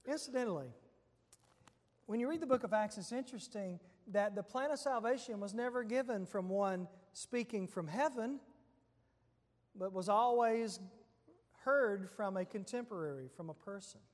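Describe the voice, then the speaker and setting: A male preacher retelling a scripture passage in a relaxed, conversational sermon, quoting verses as he goes. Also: sits high, normal speed, big-room sound. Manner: conversational storytelling with quoted scripture.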